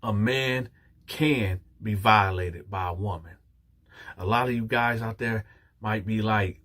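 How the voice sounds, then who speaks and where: A man's voice: lowish voice, unhurried. A man telling a story casually and animatedly, acting out the dialogue and talking straight to his listeners. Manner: animated, acts out dialogue, addresses listeners directly. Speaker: storyteller, channel host.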